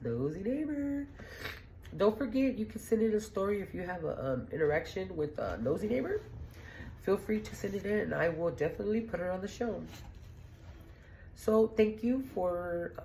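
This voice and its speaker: A woman's voice: fairly low pitch, animated, normal speed, warm tone, a little hiss or hum. A middle-aged woman hosting a podcast, telling stories in a blunt, profane, rambling way and laughing as she goes. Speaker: podcast host. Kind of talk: casual storytelling monologue.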